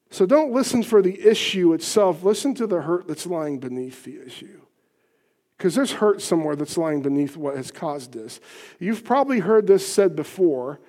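A man with a fairly high voice preaches a sermon from the pulpit. He pushes his points hard, then drops to near a whisper for the tender lines, and leads the congregation in repeating phrases back to him. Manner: swings between loud emphatic points and soft hushed asides; leads congregation in call-and-response repetition. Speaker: pastor.

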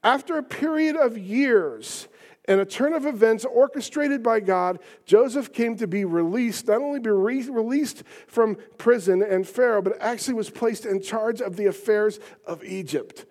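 A man preaching a sermon as pastor, asking rhetorical questions and building to emphatic, near-shouted peaks. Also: sits high, moderate pace.

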